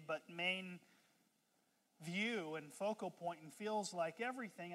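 Animated preacher in a reverberant hall. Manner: conversational preaching with call-and-response; animated, jumps high in pitch and loudness for humorous asides. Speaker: pastor. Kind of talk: sermon.

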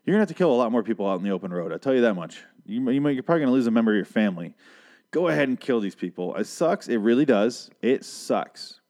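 A man's voice: medium pitch, expressive, fast talker, darkish tone. A man recapping a TV episode in a casual, profane rant, sarcastic and exasperated. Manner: ranting, sarcastic, heavy swearing.

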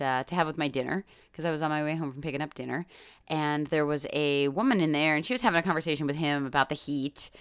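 A middle-aged woman from New York talks through her podcast in a loose, chatty way, full of fillers and casual swearing. Her voice sits low but sounds bright and crisp. The recording is dry and close. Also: no echo. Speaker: podcast host and coach.

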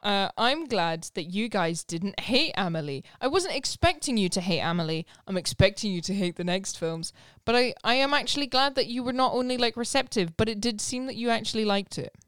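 Lively woman co-host, smooth and dry. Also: mid-range voice, a little fast, few pauses, dry recording. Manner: lively, laughing. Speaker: podcast co-host. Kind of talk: casual chat.

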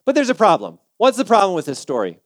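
A man's voice: high-pitched, wildly swooping pitch, fast, no room sound. A male pastor preaching a sermon in a conversational, humorous storytelling way.

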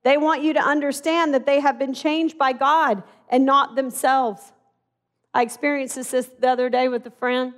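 High-voiced woman preaching conversationally. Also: normal speed. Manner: conversational, animated storytelling with acted-out dialogue. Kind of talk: sermon.

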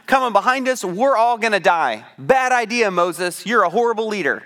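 A preacher acting out a frightened crowd of people, complaining in a panicked, accusing way. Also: male voice, sits high, expressive, normal speed, fairly bright tone.

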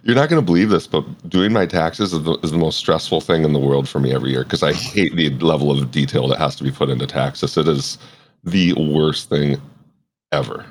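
A man with a very low, deep voice hosting a relaxed podcast chat. He jokes around and gets animated, his pitch leaping up when a story excites him. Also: brisk, rough recording. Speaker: podcast host. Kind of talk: casual chat.

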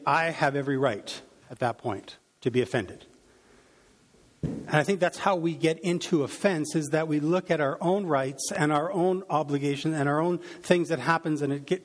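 A man preaching, reading a Bible passage aloud and reflecting on it, with frequent fillers and restarts. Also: on the high side. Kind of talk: sermon reading and teaching from scripture.

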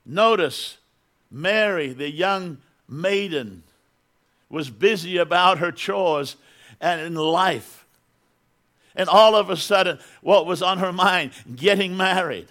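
A man's voice: high-pitched, slow pace, fairly bright tone. A middle-aged man preaching a sermon as pastor in a church, building to emphatic bursts and repeating words as he goes.

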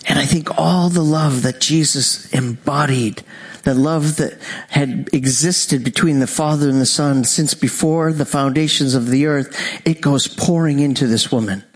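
A male preacher with a high voice delivers a sermon. He tells the story with animated energy, slipping into the voices of its people and laughing often. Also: unhurried, slightly rough.

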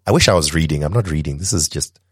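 A man co-hosting a casual podcast, talking with excitement and many restarts, from Zimbabwe. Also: a bass voice, fast, husky, no echo, studio quality. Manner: enthusiastic, rambling with restarts. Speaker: podcast co-host.

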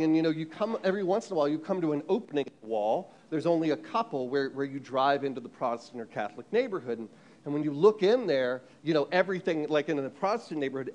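A man from the United States preaching an animated sermon, telling a story with frequent restarts and repeated words. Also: a little high.

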